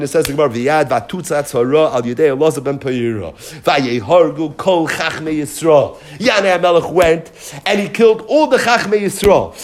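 A man teaches a Talmud lesson, his voice riding up and down as he acts out and explains the story. He sits slightly high for a man and keeps the telling lively and vivid. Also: a little hiss or hum. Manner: animated storytelling, explaining and dramatizing.

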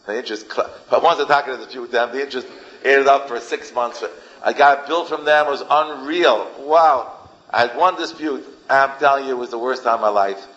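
Man, rabbi, informal lecture, emphatic, repetitive, forceful tone, muffled lo-fi audio. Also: medium pitch, a little fast. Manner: emphatic, repeats phrases for effect. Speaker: rabbi teaching a class.

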